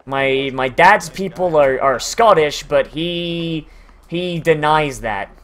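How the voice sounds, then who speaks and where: A man's voice: on the high side, fairly bright tone. A man from the UK, giving rambling, crude, joking commentary while streaming a game. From United Kingdom.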